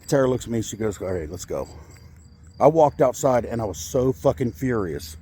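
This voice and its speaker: A man's voice: medium pitch, expressive, a little fast, warm tone, slight background noise. A man in his forties telling a personal story in a vlog, angry and upset, swearing and rambling with many fillers. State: upset, shaky with anger. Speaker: vlogger. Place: in a car.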